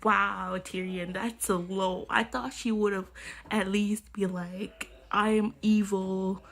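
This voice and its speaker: A woman's voice: medium pitch, steady tone, slow, vocal fry, fairly bright tone. A young woman talking casually about a book she is reading, slangy and swearing freely as she rants. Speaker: book reviewer. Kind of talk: casual book review vlog.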